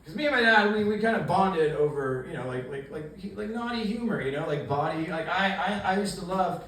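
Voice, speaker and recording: A man's voice: sits high, animated, brisk, a bit bright, slight background noise. Rambling young man doing stand-up, echoey. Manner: rambling, self-mocking, lots of fillers and restarts. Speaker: stand-up comedian. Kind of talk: stand-up comedy set. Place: comedy club stage. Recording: echoey room mic heard from far off.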